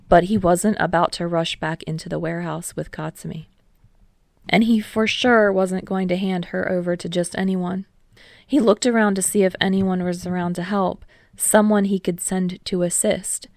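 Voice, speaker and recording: A woman reading a fan fiction story aloud as a podfic, in steady scripted narration. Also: fairly low pitch, creaky, no echo, clean studio sound. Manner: steady storytelling, voicing all characters. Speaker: podfic reader.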